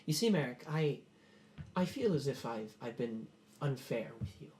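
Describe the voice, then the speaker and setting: A man's voice: medium pitch, big pitch swings, moderate pace, a little mellow, slight background noise, natural voice. A fussy noble host, overly courteous and full of stammers and restarts, as a man puts him on. His politeness hides a scheme, in a tabletop game. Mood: apologetic.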